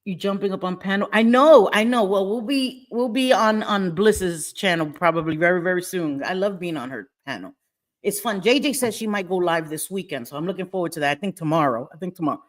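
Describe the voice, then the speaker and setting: A middle-aged woman runs a casual home livestream, speaking bluntly, swearing a lot, and laughing often. Her voice is somewhat low and expressive, and she talks a little fast.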